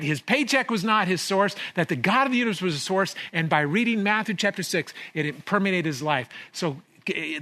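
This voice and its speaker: A pastor delivers a sermon in a high, bright voice that rises and falls with lively swings in pitch. He talks emphatically, repeats his key phrases and drops from loud bursts to hushed lines. The tone stays sharp and forward the whole way through.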